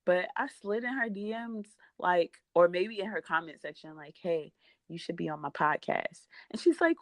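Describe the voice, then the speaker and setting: A young American woman hosting a podcast, telling stories in an animated, gushing, chatty way. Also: fairly low pitch, moderate pace, dry recording. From United States. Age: young adult. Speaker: podcast host. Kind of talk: casual podcast chat.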